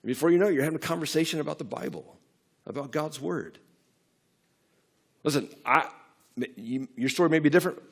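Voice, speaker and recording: A man's voice: fairly high pitch, fairly quick, creaky, pauses often, slightly rough. A middle-aged man preaching a sermon in a church, talking conversationally with frequent restarts and building to emphatic peaks. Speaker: pastor. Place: church sanctuary.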